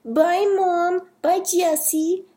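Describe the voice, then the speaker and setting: A woman's voice: very high-pitched, level tone, drawn-out words, voice pushed up, full character voice. A woman doing a bubbly little Dutch girl. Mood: eager. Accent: put-on Dutch. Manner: bright, eager and polite.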